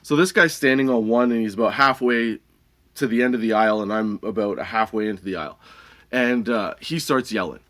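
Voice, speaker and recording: A man's voice: fairly low pitch, brisk, fairly bright tone. A male podcast host telling a comic story, swearing freely and laughing between lines.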